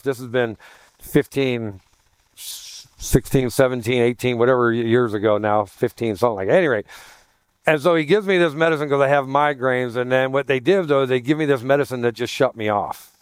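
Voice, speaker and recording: Self-mocking pastor man with a smooth voice. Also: medium pitch, no echo, studio quality. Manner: self-deprecating, conversational, anecdotal; animated voicing of quoted people. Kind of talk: humorous sermon storytelling.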